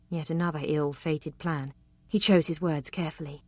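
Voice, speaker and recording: A woman narrating a romance novel, with an expressive, even reading. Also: sits low, moderate pace, dry recording. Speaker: audiobook narrator.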